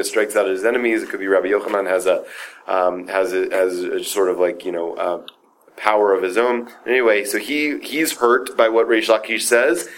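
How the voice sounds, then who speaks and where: A man teaching a Talmud story in an informal class, talking casually with many fillers and "right?" checks, and acting out the quoted speakers. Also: fairly low pitch. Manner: lively, acts out the quoted speakers.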